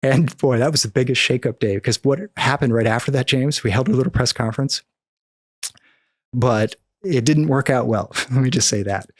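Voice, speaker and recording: Man, middle-aged, from the Midwest, podcast guest, animated storytelling, dry close recording. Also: mid-range voice, moderate pace, no echo. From American Midwest. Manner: animated storyteller, acts out quoted dialogue. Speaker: podcast guest, cannabis activist.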